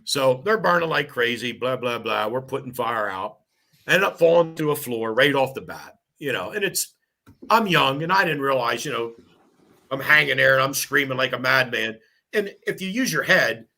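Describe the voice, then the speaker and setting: A man in his fifties, a firefighter lieutenant, telling animated, swearing stories on a podcast. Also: medium pitch, vocal fry. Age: 50s. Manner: animated, laughing, swearing storyteller. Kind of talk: casual storytelling.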